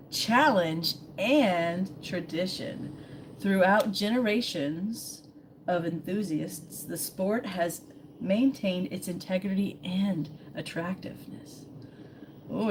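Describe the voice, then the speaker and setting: A woman chats her way through a live stream at an unhurried, drawn-out pace, reading bits aloud and tossing in jokes. Her voice sits a bit low, and steady background noise runs under the recording. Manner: chatty, reads aloud and jokes along. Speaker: vlogger, live-stream host. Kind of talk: casual live-stream chat.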